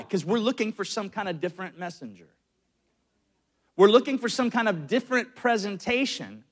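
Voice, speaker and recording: A man with a notably high voice preaches to his congregation. He is in middle age and tells personal stories in an animated way, full of quick asides and restarts. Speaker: pastor.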